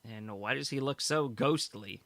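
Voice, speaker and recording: Male podcast co-host, bright edgy tone, dry close mic, recaps the news with easy laughs. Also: mid-range voice, normal speed, creaky, dry recording. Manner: summarizes news stories, laughs easily. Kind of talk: casual podcast chat.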